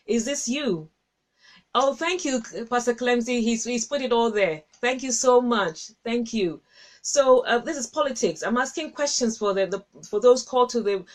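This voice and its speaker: A woman hosting a casual Christian livestream, chatting with viewers, reading their comments aloud and laughing often. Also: a little high. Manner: warm, chatty, laughs often, repeats herself. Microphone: webcam or phone with a cable.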